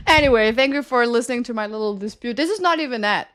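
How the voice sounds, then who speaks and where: A woman's voice: on the high side, fairly bright tone. A young woman streaming and chatting casually with viewers, giggling often and ranting with plenty of swearing. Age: young adult.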